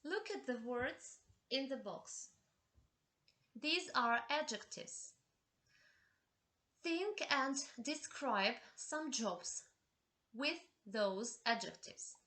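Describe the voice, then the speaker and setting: A woman teaching a lesson at an unhurried, measured pace, walking through each exercise step by step. Her voice is bright and sits a little high. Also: expressive. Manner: slow, deliberate, giving step-by-step instructions. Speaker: English teacher. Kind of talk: classroom instruction.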